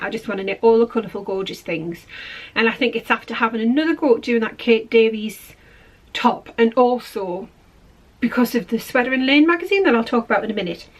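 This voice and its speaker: A woman's voice: a little high, rough recording. A woman hosting a podcast in a casual, rambling, self-deprecating chat. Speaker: podcast host.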